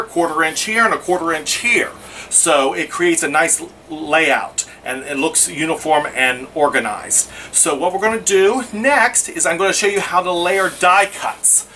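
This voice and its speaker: Brief: man, fairly high and bright voice, casual craft tutor, mic set back a little with faint hiss. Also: far from the mic. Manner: chatty, narrates each step as he works. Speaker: scrapbooking instructor. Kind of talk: casual how-to demonstration.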